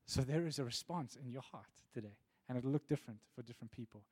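A man's voice: mid-range voice, fast talker, darkish tone, breathy edge. Earnest man preaching a sermon. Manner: earnest, repeats words, rising emphasis.

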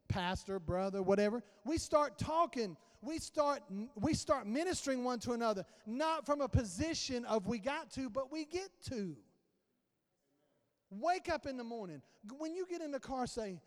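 A man preaching with a strikingly high voice, talking to his congregation like friends and acting out everyday conversations. His words ring out with a long reverb through a church sanctuary. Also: animated, moderate pace. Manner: conversational preaching, acts out dialogue. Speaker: pastor. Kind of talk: sermon.

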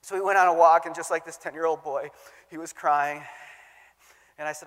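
A man and former youth pastor telling stories in a talk about theology, acting out the quotes with lively energy. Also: fairly high pitch, a little fast. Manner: animated storyteller, acts out quotes. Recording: long hall reverb.

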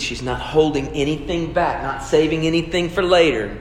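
A man's voice: fairly high pitch, moderate pace, a little hiss or hum. A pastor preaching a sermon in an earnest, conversational way, asking his listeners questions. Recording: echoey hall with long reverb.

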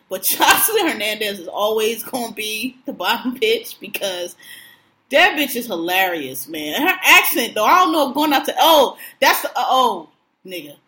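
Bright, animated woman chatting casually. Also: a little high. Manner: animated, slangy and profane, laughs often. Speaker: podcast co-host. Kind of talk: casual chat recapping TV shows.

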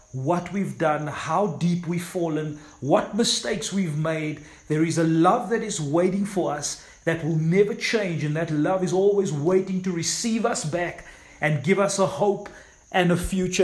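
A man's voice: on the high side, a little mellow. A man preaching a sermon as pastor, reading scripture aloud and then urging his listeners on with fervent exhortation. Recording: echoey room.

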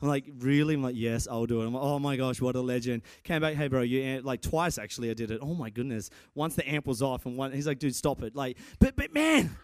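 A young man preaching a sermon in an animated, excitable way, with many restarts and sudden shouts. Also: mid-range voice, quick pace, hardly any pauses, no room sound, studio quality. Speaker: preacher and church guitarist. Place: church.

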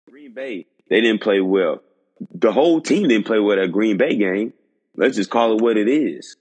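Husky low male podcast host, emphatic and disbelieving, repeating himself. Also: big-room sound. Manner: incredulous, repetitive, emphatic. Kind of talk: sports podcast rant.

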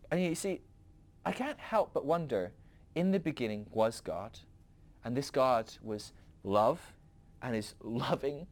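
Animated, rambling male podcast host. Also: mid-range voice. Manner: animated, rambling, laughs often, frequent restarts. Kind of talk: casual philosophical teaching.

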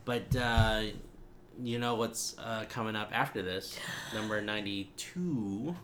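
A man co-hosting a casual movie podcast, chatty and halting, with many restarts. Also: on the low side, fairly bright tone, slight background noise. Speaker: podcast co-host.

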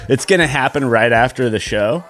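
A man co-hosting a podcast in casual chat, quickly explaining a planned bit. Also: medium pitch, expressive, fairly bright tone. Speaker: podcast co-host.

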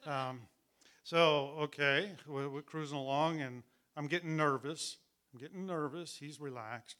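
A man's voice: fairly high pitch, unhurried, pushed and bright. A middle-aged man telling a personal story in a chatty way, laughing now and then and acting out what people said. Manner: chatty, laughing as he tells it, acts out the voices.

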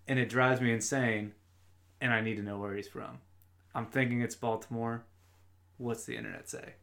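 A male podcast co-host in his thirties, chatting casually. His voice sits a touch low in a normal range. He is playful and self-deprecating, and he laughs easily. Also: steady tone, normal speed, creaky, long pauses, fairly bright tone.

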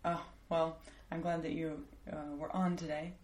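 Brief: woman podcast host, low voice, playful teasing banter, roomy sound. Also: little pitch movement, normal speed, darkish tone. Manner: chatty, laughs often, playful teasing. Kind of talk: casual interview chat.

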